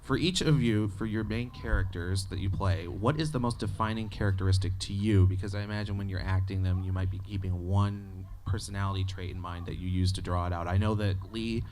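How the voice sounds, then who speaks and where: A man moderating a convention panel, asking questions in a measured, inquisitive way. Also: sits low, steady tone, darkish tone, slight background noise.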